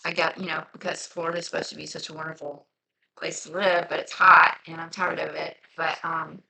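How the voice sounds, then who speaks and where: A woman's voice: sits low, little pitch movement, brisk, gravelly, sharp tone, slightly rough, poor audio. A woman with a light Southern twang, chatting in a rambling way while she crafts on her vlog. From near Cincinnati, across the Ohio border. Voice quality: rambling, chatty, full of fillers. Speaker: journaling crafter. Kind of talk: casual crafting vlog chat.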